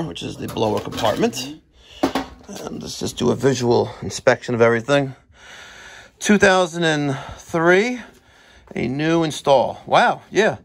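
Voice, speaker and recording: A man's voice: mid-range voice, animated, measured pace, a little hiss or hum. A man working as a heating technician, explaining a furnace's parts step by step in a chatty on-site walkthrough in a house basement. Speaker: HVAC technician.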